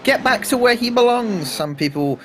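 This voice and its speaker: A man's voice: very high voice, animated, normal speed, a little hiss or hum. A man co-commentating an online race in a casual, hesitant way, with many fillers. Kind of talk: sim racing commentary.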